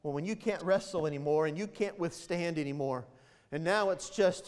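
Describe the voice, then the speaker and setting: A man's voice: on the high side, normal speed, darkish tone, long reverb tail. A male pastor preaching an impassioned, emphatic sermon, growing emotional as he goes. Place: church sanctuary.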